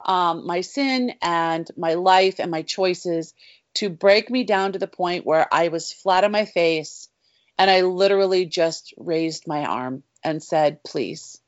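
A woman's voice: lowish voice, slow. A middle-aged woman talking as a guest author about her faith, earnest and heartfelt, often saying "you know". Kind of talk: faith conversation. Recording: dry, slightly dull sound.

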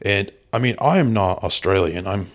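A pompous British film star talks in a low, deadpan voice with a put-on British accent, full of himself, as a man plays him for a comedy podcast bit. The delivery stays dry and unbothered throughout. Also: normal speed. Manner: deadpan, self-important.

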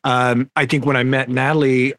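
A man's voice: medium pitch, little pitch movement, normal speed, a bit bright, no echo. Laid-back middle-aged male rock singer. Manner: laid-back, candid storyteller. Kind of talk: casual interview over video call. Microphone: video call.

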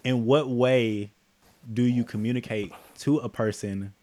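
A man's voice: mid-range voice, fairly even intonation, measured pace, darkish tone. A man hosting a casual group chat, laid-back and slangy, laughing often.

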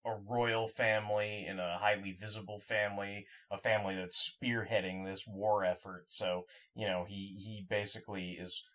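A man chats casually as a podcast co-host, talking in a low register. He halts and restarts often, stacking fillers as he thinks aloud. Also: little pitch movement, fairly bright tone. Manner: halting, many restarts and fillers. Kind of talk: casual chat.

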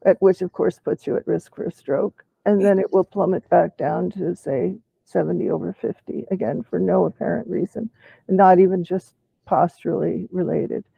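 A man in a casual chat who speaks haltingly and often restarts his sentences. He uses clinical terms, and his vocal cords are weak and do not close properly. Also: high-pitched, creaky, husky, no room sound, phone-quality sound. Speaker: participant in a patient discussion.

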